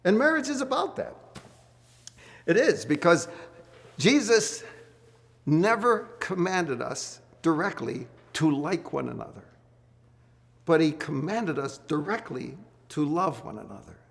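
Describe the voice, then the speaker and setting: A man's voice: on the high side, very animated, measured pace, creaky, pauses often. A middle-aged man hosting a marriage study group, giving earnest Bible teaching to couples. He repeats key words and asks the group questions.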